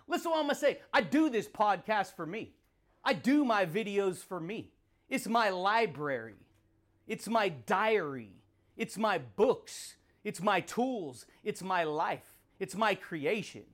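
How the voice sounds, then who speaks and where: A man's voice: high-pitched, sing-song, measured pace, fairly bright tone. A man hosting a podcast, delivering a rambling motivational monologue, laughing between points and swearing freely. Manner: repeats catchphrases and calls listeners dude and baby. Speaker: podcast host.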